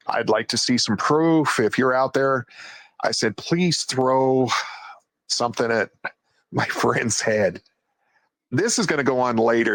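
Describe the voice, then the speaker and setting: With a mid-range voice and no echo, a guest storyteller casually recounts a night in the woods. He retells it animatedly, jumping into quoted voices and acting them out.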